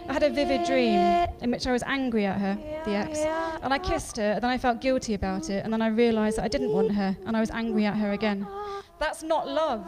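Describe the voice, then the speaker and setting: High-voiced woman performing spoken-word poetry. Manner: rhythmic, repeating phrases, looped and layered. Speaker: poet performing her work. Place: festival stage before an audience.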